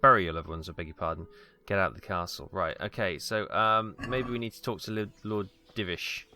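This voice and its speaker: A man's voice: on the low side, normal speed, bright, forceful tone, soft background music. A British man from Wales giving casual, rambling commentary on a game he plays, full of ums and asides, on a close mic at home. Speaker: let's play host.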